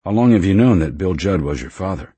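A man playing a calm investigator pressing with plain questions. His voice is extremely deep and husky, in a dry, close sound. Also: a little fast, no room sound. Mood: probing.

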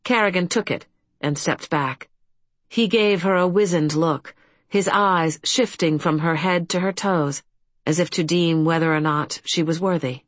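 Woman reading fantasy audiobook, lowish voice, dry close mic. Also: unhurried, no room sound. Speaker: audiobook narrator. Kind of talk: scripted fantasy narration.

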